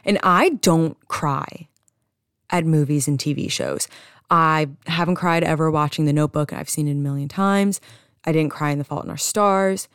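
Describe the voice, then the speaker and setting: Young woman rambling on her podcast, low voice with some fry, pretty dead dry sound. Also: moderate pace, a bit bright, no room sound. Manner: chatty storytelling, swearing, frequent restarts. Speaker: podcast host. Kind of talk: casual solo podcast chat.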